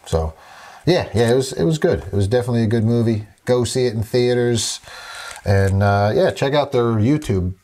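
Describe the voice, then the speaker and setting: A man's voice: medium pitch, normal speed, mellow. Man, podcast co-host, casual rambling chat, lots of fillers, crude humor.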